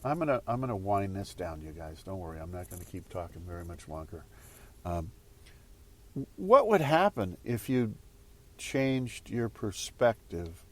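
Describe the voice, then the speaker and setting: A man's voice: deep voice, very animated, unhurried, darkish tone. A man giving a casual motivational talk to viewers, rambling and repeating phrases as he goes. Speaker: spiritual speaker.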